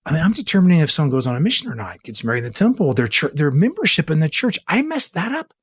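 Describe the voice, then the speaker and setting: A man from the Bay Area of California, an interview guest telling a personal story in an earnest, animated way and posing rhetorical questions. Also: on the high side, fast, breathy edge, dry recording, studio quality. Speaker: interview guest, church leader. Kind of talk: conversational storytelling.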